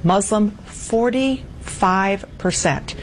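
A woman's voice: medium pitch, very slow, a little hiss or hum, rough recording. A woman speaking as a TV news anchor, earnest and emphatic as she discusses poll numbers.

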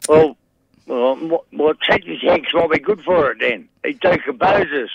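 Deadpan caller with a gravelly voice. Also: male voice, on the high side, unhurried. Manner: deadpan, dry jokes. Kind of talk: call-in chat. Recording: muffled phone line.

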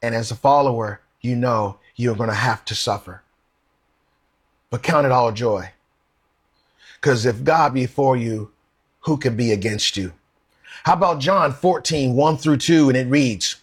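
Man, preacher, husky voice, mid pitch, earnest sermon, rhetorical questions. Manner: slows down to read scripture aloud. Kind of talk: sermon with scripture readings.

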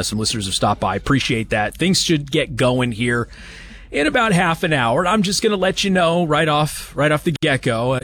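A man's voice: mid-range voice, a bit bright. Man hosting chatty opinionated talk radio. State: has hiccups. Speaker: radio talk show host. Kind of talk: live talk radio monologue. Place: live broadcast at a banquet hall event.

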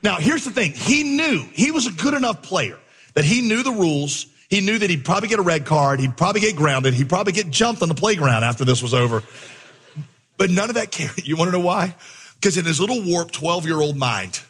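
Preacher, male, somewhat high and husky, animated storyteller, big hall reverb. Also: fairly quick. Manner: animated storyteller, acts out dialogue. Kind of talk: sermon with storytelling.

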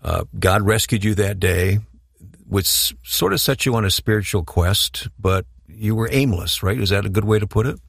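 A male interview host gently guiding his guest with probing questions. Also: fairly low pitch, normal speed, vocal fry, husky, no room sound, studio quality. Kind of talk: conversational interview.

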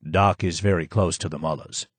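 Calm measured Persian man, low deep voice, dry close sound, from a male reader. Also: husky, no room sound.

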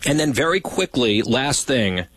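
A man hosts a talk show in easy, casual chat, ribbing his co-host with a dry, teasing wit. His mid-pitched voice sits close and dry, with no room sound around it. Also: big pitch swings, unhurried, a bit bright, breathy edge, no echo.

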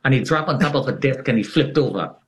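Speaking fast and expressively, this man is an interview guest relating a dramatic episode from his own life. His delivery is theatrical, with big emphatic leaps in pitch.

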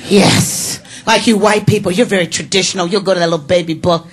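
A woman performing stand-up comedy in a club, loud and animated, shouting her punchlines. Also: on the low side, a little fast, hardly any pauses, husky. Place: comedy club before a live audience. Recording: live club recording with crowd noise.

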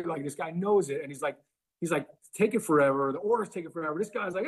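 A man's voice: a little high, very fast, husky. A man casually telling a rambling story, full of likes and ums. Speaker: guest.

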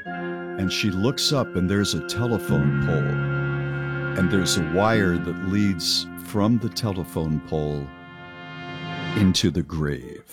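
Radio guy telling a spooky tale, kinda low voice, bounces around a lot, acts out the voices. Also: slow pace, over loud music. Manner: animated, acts out quoted voices in a story. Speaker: radio show co-host. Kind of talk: casual radio chat and storytelling.

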